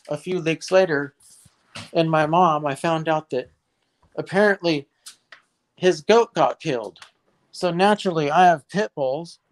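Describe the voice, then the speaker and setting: A man from California casually telling stories about his neighbors, animated and mimicking them in high voices, talking outdoors into a phone. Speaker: livestream guest. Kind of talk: casual storytelling chat.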